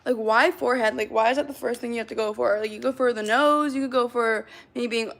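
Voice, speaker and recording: A young woman talks straight to her livestream chat, hyper and rambling, with filler likes everywhere. Her voice sits a little high and carries a gravelly fry. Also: steady tone, fast talker, fairly bright tone. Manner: chatty, hyper, reacts to comments, fillers of like.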